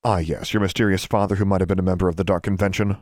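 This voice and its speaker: A man voicing a stern, cold woman teacher in an audiobook, speaking lower and quieter in clipped, menacing tones. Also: steady tone, very fast, dry recording, clean studio sound, close to an everyday voice. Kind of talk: audiobook character voice.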